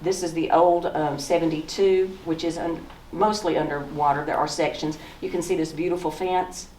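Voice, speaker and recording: Southern woman in her sixties, low voice, folksy storyteller, echoey room, heard from a distance. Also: steady tone, moderate pace, a little mellow, slight background noise. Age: 60s. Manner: folksy, storytelling, pointing at photos. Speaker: author giving a talk. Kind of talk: slideshow talk with personal memories. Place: museum lecture room.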